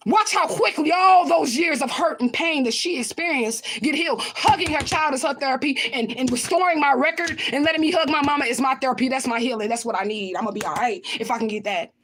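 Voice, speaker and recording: A woman's voice: high-pitched, fairly bright tone. A woman livestreaming and answering viewer comments in a blunt, confrontational way, swearing often and repeating her points for emphasis. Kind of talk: casual livestream talk.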